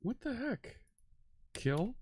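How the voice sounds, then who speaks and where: Male live-stream host, casual and talkative, warmly greeting chat by name, very animated intonation. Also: very high voice, slow, breathy edge, no echo. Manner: chatty, greets viewers one by one.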